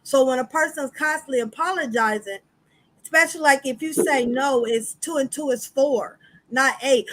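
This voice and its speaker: A woman's voice: high-pitched, normal speed, poor audio. A woman co-hosting a casual podcast chat, frank and blunt, with casual swearing.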